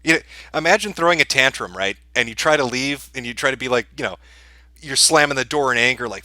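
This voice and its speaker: A man's voice: medium pitch, expressive, fast talker, pushed and bright, dry recording. A man hosting a show, giving crude, profane and mocking commentary in an amused, sneering manner. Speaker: podcast host.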